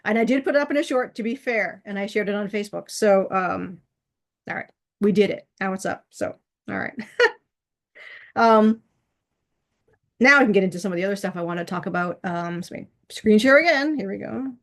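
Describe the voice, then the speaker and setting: A woman's voice: mid-range voice, moderate pace, pauses often, fairly bright tone. A middle-aged woman hosting her own vlog, chatting casually in a rambling way with frequent restarts and laughs. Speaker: channel host.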